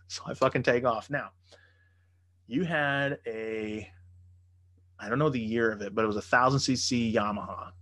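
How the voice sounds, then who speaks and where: A man's voice: mid-range voice, moderate pace. A man casually telling a long story, swearing a lot and acting out the other people in it with raised voices. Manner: profane, animated, acts out quotes in raised voices.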